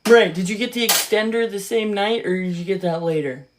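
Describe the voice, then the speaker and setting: A woman's voice: mid-range voice, brisk, noisy background. A woman giving casual, sarcastic and profane reaction commentary on a book she reads aloud.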